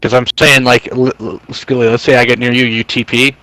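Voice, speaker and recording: A man's voice: mid-range voice, level tone, brisk, bright, forceful tone, dry recording, poor audio. A man in a casual group voice chat, speaking firmly and impatiently as he argues a rule. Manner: firm, impatient, argumentative. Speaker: roleplay crime group member.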